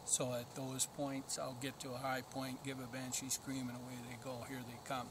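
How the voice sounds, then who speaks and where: A man's voice: mid-range voice, monotone, moderate pace, background noise. A man explaining dog training in a plainspoken, practical way while out in open country. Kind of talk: outdoor training vlog.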